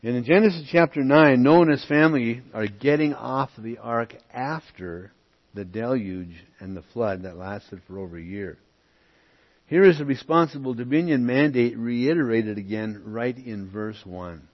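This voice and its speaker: A man teaching scripture, reading passages aloud and breaking off to explain them in plain words. His voice is husky and sits at an ordinary middle pitch. The recording sounds dull and muffled. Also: normal speed. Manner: reads verses aloud, then comments with asides. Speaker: Bible teacher.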